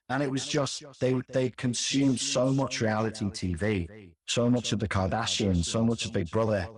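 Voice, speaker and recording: A man's voice: medium pitch, fairly even intonation, normal speed. A man in his forties, a former teacher, giving opinionated commentary in conversation, stressing points by repeating words. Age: 40s.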